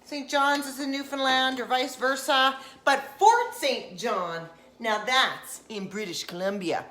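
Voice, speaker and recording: Her voice is high and fairly bright, and she talks a little slowly. Cooking in her kitchen during a live stream, the Nova Scotia vlogger chats and cracks jokes, slipping into silly voices.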